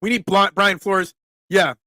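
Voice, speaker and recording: Here a man with a high-sitting voice talks a little slowly, recorded cleanly in a studio with no room sound. He hosts a casual sports live stream, reading chat aloud and answering with animated, emphatic opinions.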